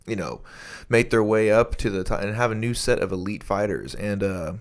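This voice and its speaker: A man's voice: lowish voice, normal speed. A young man co-hosting a podcast in casual chat, rambling with lots of restarts and swearing freely. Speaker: podcast co-host.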